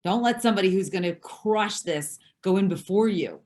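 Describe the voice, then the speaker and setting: A woman's voice: medium pitch, animated, normal speed, darkish tone. A woman hosting a team call, affirming her guest and driving the points home in an emphatic coaching manner. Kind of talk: motivational coaching chat.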